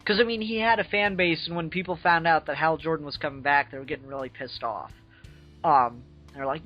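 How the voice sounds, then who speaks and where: A man's voice: fairly high pitch, fairly quick, dull audio, faint music behind. A man in casual chat about a comic book, enthusiastic and swearing, often hedging. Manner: enthusiastic, swears, hedges with "I don't know". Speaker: co-host reviewing a comic book.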